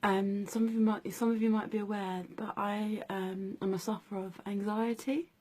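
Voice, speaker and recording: A woman in her twenties talks straight to camera about her own life, unhurried and hesitant. Her pitch sits in a middling range and barely moves, giving a flat, even delivery. She pauses often and fills gaps with soft ums. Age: 20s. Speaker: vlogger. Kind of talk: personal story vlog.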